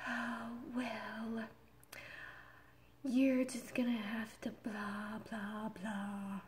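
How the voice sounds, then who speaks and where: A woman voicing a tired, rude female phone agent who talks in a slow, dismissive drawl, recorded in a room with long reverb. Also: medium pitch, expressive.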